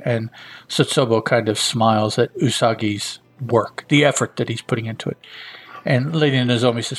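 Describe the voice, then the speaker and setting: A man's voice: medium pitch, fairly even intonation, normal speed. A man hosting a show, casually retelling a comic book issue scene by scene with frequent hesitations. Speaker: host.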